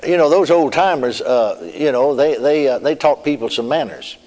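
Telling his testimony in a folksy, story-like way, a male preacher chuckles and drops in amens; his medium-pitched voice is slightly mellow, with lively intonation and a moderate pace. The sermon testimony echoes with long hall reverb.

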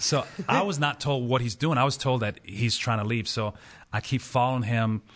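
A man's voice: mid-range voice, steady tone, moderate pace, a bit bright. A man in his forties, a pastor, telling a funny story on a podcast with frequent laughter.

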